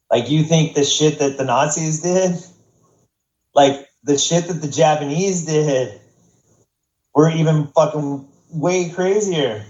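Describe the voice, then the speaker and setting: A man's voice: on the high side, darkish tone. An American man with a mid-range voice tells stories loosely, swearing often and stumbling over restarts. The room sounds echoey and the audio is a little muffled. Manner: profane, rambling, many restarts. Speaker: podcast guest. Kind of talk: casual storytelling. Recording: roomy, dull podcast audio.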